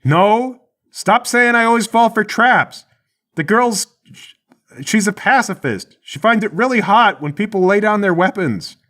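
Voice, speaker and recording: A man's voice: sits high, expressive, unhurried, a bit bright, voice pushed up. A man voicing a dim, flustered male prison guard who stammers, in a tabletop game.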